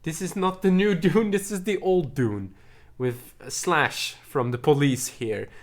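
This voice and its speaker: A man's voice: fairly high pitch, measured pace. A man streaming from home in a casual, chatty way, enthusiastically praising things and often repeating himself. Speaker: streamer showing his movie collection.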